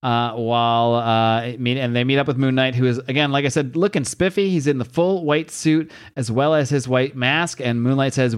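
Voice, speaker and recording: A man's voice: medium pitch, fairly even intonation, normal speed, hardly any pauses, smooth. A man hosting a casual podcast, chattily recapping a comic book with asides. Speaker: podcast host.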